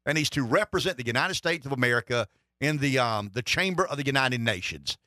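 A man's voice: mid-range voice, lively intonation, fairly quick, pushed and bright, no echo, studio quality. A middle-aged man hosting a political talk radio show, rambling and wry, with lots of restarts. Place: radio studio.

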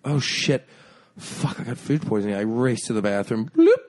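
A male comedian tells a long misadventure as a podcast guest. His voice sits at an ordinary middle pitch, and he swears freely while he keeps acting out what everyone said. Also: moderate pace. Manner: animated, profane, acts out other people's lines.

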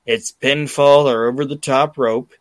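The man hosting this podcast speaks unhurriedly in a mid-range voice, with no room sound in the recording. He tells stories in a loose, chatty way, cursing often and performing the dialogue he quotes.

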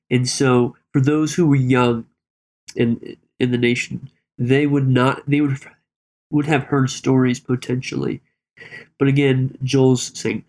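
A man's voice: medium pitch, flat delivery, darkish tone. Guy chatting about a bible chapter, stops and restarts a lot. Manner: conversational, halting, with many restarts. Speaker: Bible study co-host. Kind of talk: casual Bible discussion.

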